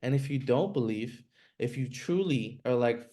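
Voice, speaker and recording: A man's voice: mid-range voice, expressive, normal speed, darkish tone. Blunt motivational coach man. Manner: direct, blunt, casual swearing, filler "like".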